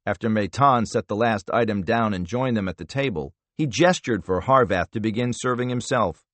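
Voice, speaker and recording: A man with a lowish voice narrates a thriller audiobook, reading the script in a measured yet expressive storytelling style. There's no echo.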